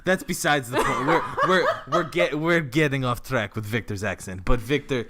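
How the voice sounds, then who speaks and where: A man's voice: mid-range voice, moderate pace, very noisy. A man co-hosting a podcast, eagerly adding details to an improvised comic story with many stumbles. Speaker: podcast co-host.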